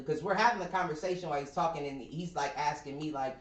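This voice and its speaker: A man's voice: high voice, fast, roomy sound. A man co-hosting a podcast, telling a story in casual chat and acting out the people in it. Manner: animated retelling, acts out quoted voices. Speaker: podcast co-host.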